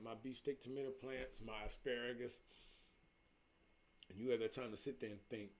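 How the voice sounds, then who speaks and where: A man's voice: medium pitch, a little mellow. A middle-aged man, talking casually on a livestream as a spiritual life coach, emphatic and preachy, telling stories with lots of repetition.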